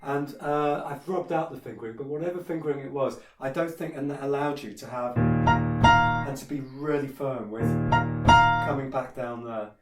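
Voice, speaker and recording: A man's voice: mid-range voice, moderate pace. A man teaching a piano piece in a casual tutorial, opinionated and hesitant, with many fillers and restarts. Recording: echoey room with piano playing.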